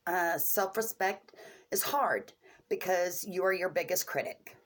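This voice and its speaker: A middle-aged woman talking candidly and earnestly to her viewers, openly emotional, in short halting phrases. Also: fairly low pitch. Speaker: vlogger sharing coping skills. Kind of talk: candid personal talk to camera.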